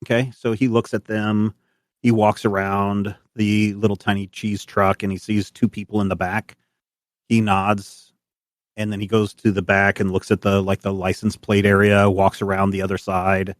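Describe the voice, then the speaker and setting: A man's voice: lowish voice, little pitch movement, normal speed, no room sound, studio quality. A man narrating a tabletop game as game master in a loose, rambling way.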